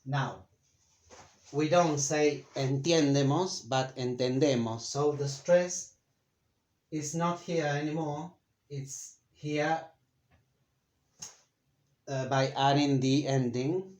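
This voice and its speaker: A man teaching a Spanish grammar lesson in English, speaking slowly and deliberately with frequent fillers and pauses. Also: on the high side, fairly even intonation, a little mellow. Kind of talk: slow, careful grammar lesson. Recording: echoey room.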